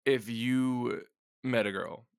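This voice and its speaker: Male podcast host, gravelly and bright, crude banter, dry close mic. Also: medium pitch, steady tone, takes it slowly, no room sound. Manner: crude joking, acts out voices of others, laughs often. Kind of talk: casual comedic chat.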